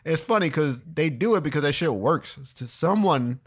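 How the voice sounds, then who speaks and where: A man talks in a relaxed way on a podcast, with a voice a little higher than most men's. He laughs often and keeps saying dude. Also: moderate pace. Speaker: podcast co-host. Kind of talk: casual chat.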